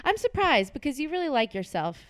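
A woman's voice: high voice, big pitch swings, brisk, slight background noise. Teasing woman podcast host. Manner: teasing, laughs often. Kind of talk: casual chat.

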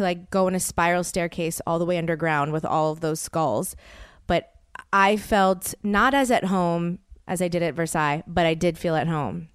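A woman's voice: on the low side, clean tone, no echo, clean studio sound. An American woman in her thirties, a podcast host telling a story in a rambling, casual way, full of "like" and stammered restarts. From United States. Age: 30s.

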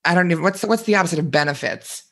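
A man co-hosting a podcast in casual chat, telling stories with animated energy, acting out quoted voices and swearing freely. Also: on the high side, very fast. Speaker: podcast co-host.

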